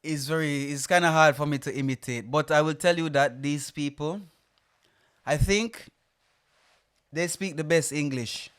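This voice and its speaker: A young Jamaican man co-hosting a casual podcast chat, easygoing and quick to laugh. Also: fairly high pitch, fairly bright tone, smooth. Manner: easygoing, laughs often, thoughtful. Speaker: podcast co-host.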